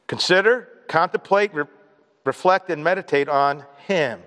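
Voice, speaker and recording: A male pastor preaching a lively sermon, acting out quoted voices and leading the congregation in responses. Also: a little high, measured pace. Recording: long hall reverb.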